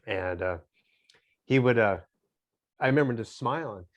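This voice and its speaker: A middle-aged man speaks as an interview guest, his talk halting and reflective. He keeps a smile in his voice, and his pitch sits right in the middle for a man. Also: expressive.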